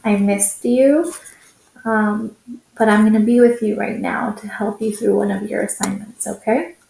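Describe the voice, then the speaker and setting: A woman teacher talking young children through a reading lesson, slow and patient as she sounds out each word. Her voice has a gravelly fry to it. The recording is echoey, like a bare room. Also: mid-range voice, darkish tone. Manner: patient, sounds out words slowly.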